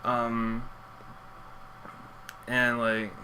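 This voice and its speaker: Bright-voiced young man rambling through a story. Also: mid-range voice, completely flat delivery, very slow, slight background noise, rough recording. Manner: rambling, full of "like" fillers and swearing. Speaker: streamer. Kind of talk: casual storytelling.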